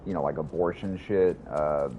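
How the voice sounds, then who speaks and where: A man's voice: extremely low pitch, steady tone, moderate pace, highs cut off, a little hiss or hum. A man streaming a game, chatting casually with his viewers in a rambling, profane way. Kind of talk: casual livestream gaming commentary.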